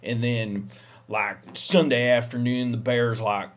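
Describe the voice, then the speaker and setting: A man telling a rambling comic monologue in a deadpan way, acting out both sides with sudden shouts. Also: medium pitch, slow pace. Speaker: comedic monologue performer.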